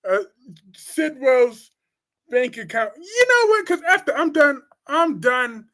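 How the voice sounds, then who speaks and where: A man's voice: very high voice, big pitch swings. A man hosting a live soap opera talk stream, chatting casually and answering chat comments in a blunt, crude, gossipy way with teasing outbursts. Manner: teasing, quick swings in loudness.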